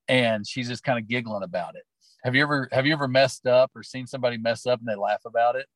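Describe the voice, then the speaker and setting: A middle-aged man from Oklahoma who teaches and coaches, recalling his experiences in an earnest, heartfelt, meandering way. His voice sits at an ordinary pitch and is recorded close and dry. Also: fast, fairly bright tone, no echo, rough recording. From Oklahoma, USA. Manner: earnest, heartfelt, rambling storyteller. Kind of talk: personal storytelling in an interview.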